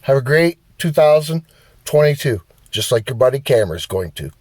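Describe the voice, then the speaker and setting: A man's voice: medium pitch, normal speed, dry recording. A man giving a blunt, profane motivational rant as a vlogger. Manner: blunt, heavy swearing, animated. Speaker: vlogger and driver.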